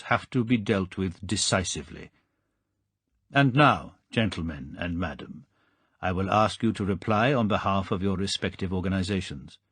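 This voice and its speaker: A man voicing a cold, calculating villain in an audiobook, speaking in a measured and quiet way. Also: deep voice, slightly rough, no room sound, full character voice.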